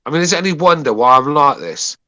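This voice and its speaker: A man's voice: fairly high pitch, lively intonation, fast, bright, forceful tone, no echo. A man co-hosting a call-in boxing podcast, grumbling and sarcastic in casual banter. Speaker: podcast co-host.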